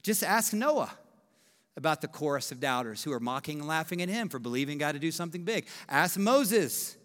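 A man in his thirties preaches with a high, bright, ringing voice. He is emphatic and animated, and he acts out the quotes. A long hall reverb trails his words. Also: fairly quick. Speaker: pastor. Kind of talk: sermon.

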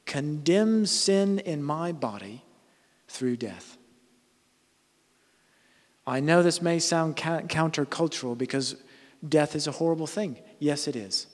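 A man's voice: fairly high pitch, long reverb tail. A man preaching a conversational sermon, earnest, often restarting and correcting himself mid-sentence.

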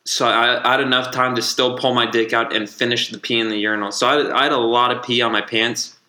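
Young man, podcast host, rambling, swears a lot, bright tone, roomy echo. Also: mid-range voice, little pitch movement, fairly quick. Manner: profane, rambling, restarts often. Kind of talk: casual storytelling.

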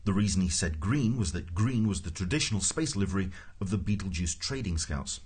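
Husky, lively wry male narrator. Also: fairly low pitch. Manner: dry, wry storytelling. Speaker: audiobook narrator. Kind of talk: scripted narration.

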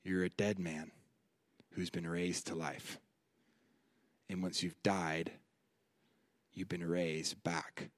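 Low-voiced man preaching a sermon. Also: level tone, takes it slowly, pauses often, no echo. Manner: repeats phrases, builds to loud emphatic peaks. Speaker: conference preacher.

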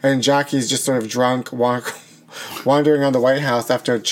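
A man in casual chat, recapping a film plot in a gossipy, campy way with quick asides and restarts. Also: mid-range voice, steady tone.

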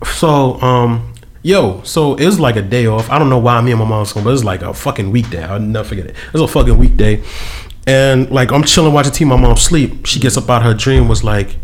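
A man's voice: medium pitch, brisk, a little hiss or hum. A man hosting a podcast, telling stories in casual chat full of slang and profanity. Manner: storytelling, profane slang, animated. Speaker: podcast host.

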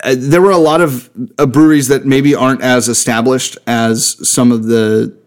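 A man's voice: mid-range voice, steady tone, moderate pace. Enthusiastic man co-hosting a chat. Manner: enthusiastic, swears freely. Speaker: podcast co-host. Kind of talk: casual chat.

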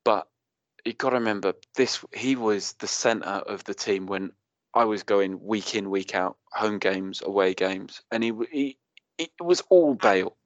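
A man's voice: lowish voice, unhurried, dry recording, muffled recording. A Welsh man in his thirties co-hosting a casual football podcast, talking in an emotional, rambling way. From Wales. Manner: emotional, rambling, animated storytelling. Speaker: podcast co-host.

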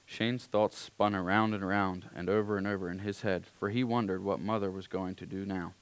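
A man reading a story aloud in a calm, unhurried way, now and then clearing his throat. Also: sits low.

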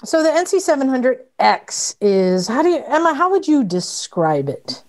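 A woman co-hosting a podcast in casual chat, lively and chatty. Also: high voice, normal speed. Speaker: podcast co-host.

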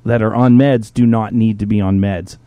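A man who hosts a podcast and is a parent swaps casual talk about a personal experience, swearing freely and acting out what others said. His voice is on the low side with a clean tone at normal speed, captured in a dry recording. He's animated and profane, quick to launch into impressions.

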